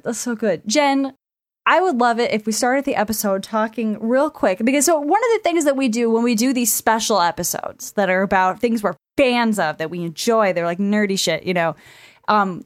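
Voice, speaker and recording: A woman co-hosting a casual podcast chat from a friend's apartment, telling stories in an animated, excitable way and swearing freely. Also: medium pitch, dry recording. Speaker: podcast co-host. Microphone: remote recording setup.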